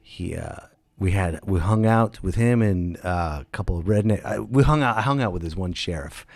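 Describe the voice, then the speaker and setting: A man with a fairly low voice hosts his own comedy podcast, spinning road stories in a loose, chatty monologue. He keeps breaking into loud, animated impressions of the people in them. The sound is close and dry, with no room around it. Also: moderate pace, gravelly, no echo. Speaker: podcast host and stand-up comedian. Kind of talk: casual storytelling monologue.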